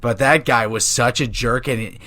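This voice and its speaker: A man's voice: mid-range voice, moderate pace, sharp tone. A man in his twenties hosting a podcast, telling crude, joking stories in casual chat. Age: 20s. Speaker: podcast host.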